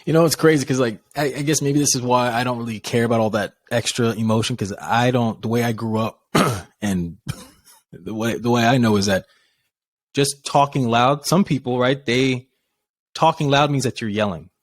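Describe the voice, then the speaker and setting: A man co-hosting a podcast in casual chat, animated and passionate, his voice rising as he gets into it. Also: medium pitch, moderate pace, no echo. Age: adult with a child. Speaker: podcast co-host.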